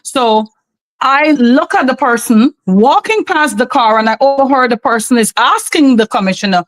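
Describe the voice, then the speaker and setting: Woman, guest testimony, earnest and emphatic, faith-driven, slightly high voice, dry close sound. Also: animated, moderate pace, no echo, low-quality recording. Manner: earnest, emphatic, often invoking God. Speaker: podcast guest. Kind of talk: personal testimony.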